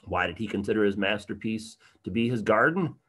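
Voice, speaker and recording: A man presenting a livestreamed art history program in a casual, conversational way, with many fillers and moments of animated emphasis. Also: on the low side, fairly quick, slightly rough. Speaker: tour guide presenting an online program.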